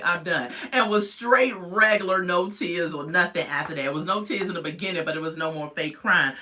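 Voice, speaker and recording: A woman's voice: fairly low pitch, moderate pace, few pauses, pushed and bright. A woman casually recapping a reality TV episode, chatty and sassy with lots of asides.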